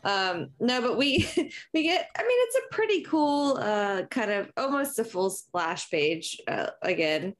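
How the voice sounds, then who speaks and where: A woman's voice: mid-range voice, measured pace. A woman casually discussing a comic on a podcast, laughing and swearing as she reacts. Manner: expressive, laughing, swearing freely. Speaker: podcast co-host.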